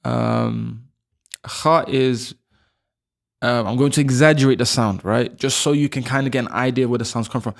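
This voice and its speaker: A man giving a video lesson on letter sounds, patiently repeating each sound slowly for learners to copy. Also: mid-range voice. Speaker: language teacher. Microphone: camera, close framing.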